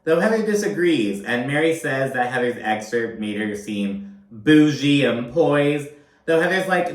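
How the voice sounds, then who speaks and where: A man's voice: medium pitch, moderate pace. Chatty man recapping reality TV, roomy sound. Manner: chatty, swears freely, keeps saying "you know what I mean". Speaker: TV recap host. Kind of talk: casual reality-TV recap commentary. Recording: roomy, distant mic, faint hum.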